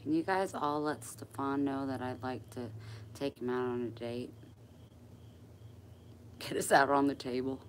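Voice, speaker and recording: A woman's voice: rumbling low, fairly even intonation, unhurried, pauses often, a little hiss or hum. An older woman hosting a sewing livestream, chatting casually with viewers in a blunt, joking, sassy way.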